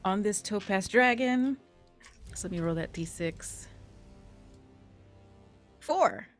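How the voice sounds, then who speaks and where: A woman's voice: medium pitch, expressive, slow, faint music behind. A woman playing a tabletop game, loosely narrating what her character does. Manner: storytelling, loose and casual with fillers. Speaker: player.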